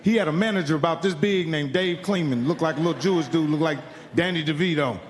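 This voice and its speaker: A middle-aged man from Indiana telling profane stand-up stories with animated, acted-out quotes on a comedy club stage. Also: a little high, quick pace. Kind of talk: stand-up storytelling. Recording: live club sound with hall reverb.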